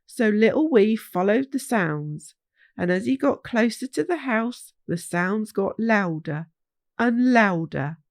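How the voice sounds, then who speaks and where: Slow, soothing woman reading a children's story. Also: mid-range voice, animated, no room sound, studio quality.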